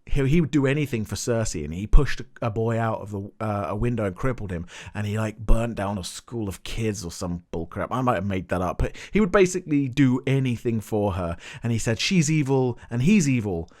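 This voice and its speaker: Animated swearing young male vlogger. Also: fairly low pitch, a little fast, hardly any pauses. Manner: animated, swearing, exasperated outbursts. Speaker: TV recap vlogger. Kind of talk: casual episode recap rant.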